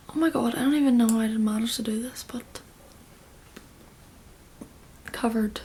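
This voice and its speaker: A woman's voice: on the high side, moderate pace, pauses often, warm tone, a little hiss or hum. A young woman giving a casual makeup tutorial, chatty and rambling, often dropping into a half-whisper. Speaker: beauty vlogger.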